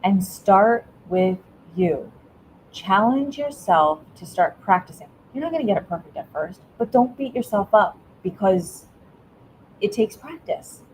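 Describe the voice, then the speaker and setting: A woman's voice: mid-range voice, expressive, unhurried, a little hiss or hum, poor audio. A middle-aged woman, an educator, answering interview questions with earnest parenting advice, often restarting her words. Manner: earnest, warm coaching tone with frequent restarts. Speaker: guest, educator.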